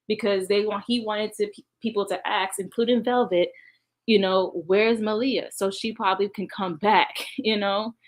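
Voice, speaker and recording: A woman's voice: medium pitch, fairly bright tone. Female vlogger, casual to-camera recap, emotional, sighs a lot. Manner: emotional, sighing, talks straight to viewers. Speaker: vlogger recounting past events. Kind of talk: casual reaction commentary.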